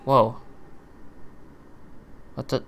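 A young man reacting live to a video presentation, excitable, shouting, swearing and gasping. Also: very slow.

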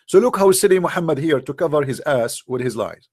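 This debate host speaks in a fairly high, expressive, slightly dark voice at a somewhat quick pace, with soft music behind him. His religious debate talk is argumentative, mocking, and emphatic, full of repetition.

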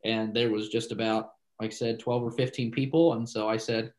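A man's voice: medium pitch, level tone, moderate pace, low-quality recording. A man, a pastor, telling a story in a casual interview, rambling with many asides and acting out the dialogue he quotes.

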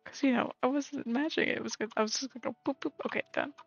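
Speaking rapid-fire in a high, creaky voice with a steady tone, a woman plays a game on stream. Her casual chatter slips into self-directed mutters and the odd whisper, captured in slightly muffled lo-fi sound with faint game music underneath.

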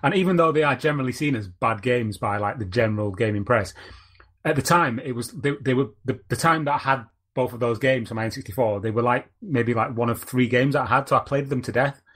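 A man's voice: mid-range voice, fast talker, fairly bright tone. A man co-hosting a podcast in casual chat, rambling and searching for words. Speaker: podcast co-host.

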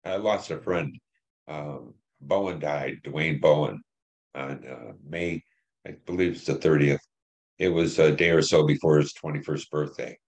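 An older man in his seventies, a veteran from Detroit, telling war memories in an interview, plain and halting with many fillers. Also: very deep voice. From Detroit, Michigan. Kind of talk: oral history interview.

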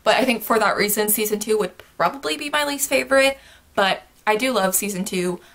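A woman's voice: mid-range voice, fairly quick, a bit bright. A young woman vlogger chatting casually about her month, gushing and bubbly, laughing often between thoughts. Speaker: book vlogger. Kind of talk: casual monthly wrap-up chat.

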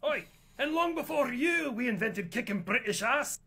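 A man's voice: very high-pitched, expressive, moderate pace, heavy background noise. A man voicing a brash Scottish man who boasts and mocks, in a Scottish accent. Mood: boastful. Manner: boastful, mocking, gleeful. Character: brash taunting Scottish man personifying Scotland.

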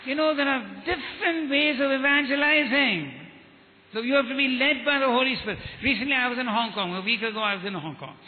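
A man's voice: extremely high pitch, fairly quick, slight background noise. A man giving a testimony sermon as an evangelist, telling stories with quoted dialogue and repeating his words. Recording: tinny phone-like sound with hall reverb.

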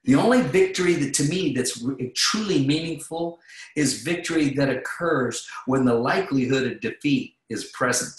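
A man, a vocal coach guest on a podcast, telling casual stories in an animated way with frequent restarts. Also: medium pitch, moderate pace, echoey room, low-quality recording.

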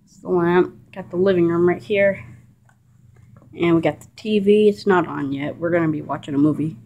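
A woman's voice: fairly low pitch, fairly even intonation, moderate pace, a little hiss or hum. A woman vlogging casually in her living room, chatting and rambling while holding the camera in one hand. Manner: chatty, rambling, breaks off to scold the dog loudly. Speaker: vlogger showing her dog. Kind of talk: casual home vlog. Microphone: handheld camera, filmed one-handed.

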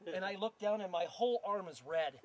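A man telling an accident story in casual chat, animated and swearing often, repeating himself as he goes. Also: high-pitched, a little fast, a crowd in the background. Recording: heavy background noise.

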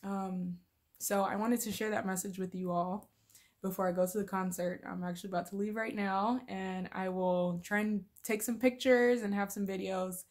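A woman's voice: mid-range voice, steady tone, moderate pace. A woman giving a casual devotional talk on faith and anxiety to her viewers, earnest and emotional, at times tearful, ending in prayer. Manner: earnest, emotional, with fillers and soft laughs. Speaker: Christian vlogger.

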